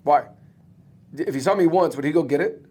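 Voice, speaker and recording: A man with a warm, somewhat high, breathy-edged voice speaks briskly. As a guest on a casual podcast, this roofing business owner and coach talks bluntly and emphatically, swearing freely.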